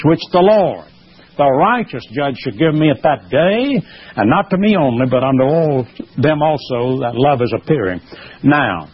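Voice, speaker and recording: A man's voice: on the high side, breathy edge. A man preaching a sermon, emphatic and rising in force as he presses his points. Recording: muffled lo-fi sermon recording.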